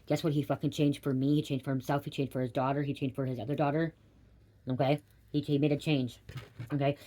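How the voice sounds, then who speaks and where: A woman giving a spiritual reading, rambling and swearing casually, ending almost every sentence with a quick "okay?". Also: very deep voice, level tone, warm tone. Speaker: tarot reader.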